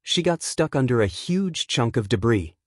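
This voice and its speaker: A man voicing a gentle, caring teenage boy hero in a slightly raised voice. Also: medium pitch, very animated, normal speed, no echo, studio quality, close to an everyday voice.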